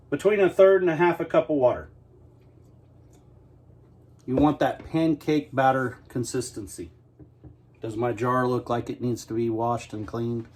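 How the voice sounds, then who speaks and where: With a mid-range, darkish voice, the middle-aged host jokes his way through a home-kitchen baking demonstration, explaining every step in a folksy, self-mocking manner. Slight background noise can be heard.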